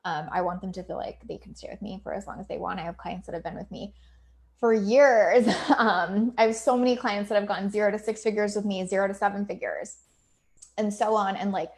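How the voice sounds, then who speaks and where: A woman's voice: medium pitch, a little mellow. Chatty woman coach, laughing and candid. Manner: candid and chatty, swears freely, laughs often; filler-heavy with many likes and ums. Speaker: business coach. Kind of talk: casual livestream talk to her community.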